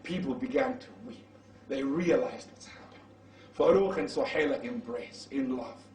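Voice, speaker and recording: A man preaching, telling a story dramatically and rising to shouts at the climax. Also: mid-range voice, moderate pace. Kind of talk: storytelling sermon. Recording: roomy hall, mic far off.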